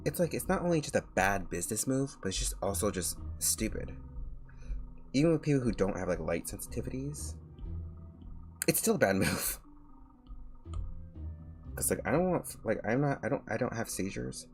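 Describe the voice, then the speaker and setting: A low, gravelly man streams as a VTuber, ranting in an exasperated, rambling way that swings widely in pitch. Faint music plays behind him. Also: very animated, moderate pace, long pauses. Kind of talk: casual stream commentary.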